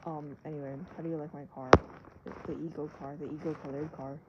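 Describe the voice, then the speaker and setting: Rambling young adult vlogger over loud noise. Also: medium pitch, level tone, fast talker, dull audio. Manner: rambling, self-mocking, with hushed asides. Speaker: vlogger doodling on stream. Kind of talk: casual rambling chat while drawing. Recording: loud background noise with clicks.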